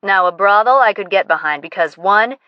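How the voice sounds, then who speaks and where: A woman's voice: medium pitch, lively intonation, fairly quick, clean tone, no room sound, highs cut off, close to an everyday voice. A woman voicing a blunt, brash young woman friend who teases freely, in an audiobook. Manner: brash, teasing.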